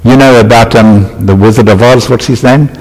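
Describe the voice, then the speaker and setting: A man's voice: medium pitch, normal speed, a little mellow. A man preaching a sermon, reading scripture aloud and then bantering with and quizzing his congregation. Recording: reverberant hall.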